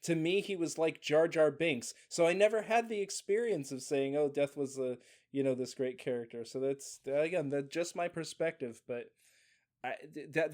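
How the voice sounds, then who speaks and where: A man's voice: a little high, darkish tone. A man co-hosting a casual movie podcast, talking in a hesitant, hedging way with many restarts. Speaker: podcast co-host.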